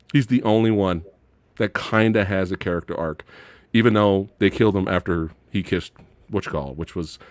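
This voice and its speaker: A man co-hosting a casual movie review chat, ranting with animated delivery and mocking impressions. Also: fairly low pitch, dry recording. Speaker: podcast co-host.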